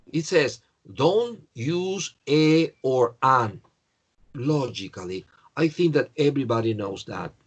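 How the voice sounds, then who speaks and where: Slow, patient man teaching grammar. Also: medium pitch. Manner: slow, patient explaining with repetition. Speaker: English teacher.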